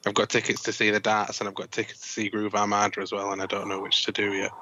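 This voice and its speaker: A man co-hosts a laid-back podcast chat. His voice sits fairly low and he talks in an easygoing, dry manner. Clear hiss and noise run under his audio. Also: completely flat delivery, quick pace, bright, forceful tone, dull audio. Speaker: podcast co-host.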